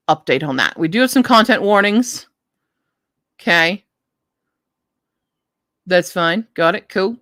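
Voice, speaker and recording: A woman's voice: lowish voice, a bit bright, no room sound, studio quality. A woman hosting a live book stream, chatting casually and thinking aloud as she reads blurbs, often restarting her sentences. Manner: self-interrupting, frequent restarts.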